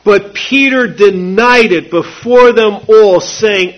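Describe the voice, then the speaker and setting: A man preaching a sermon, slow and emphatic, repeating key phrases for weight. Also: sits high. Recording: dull lo-fi recording.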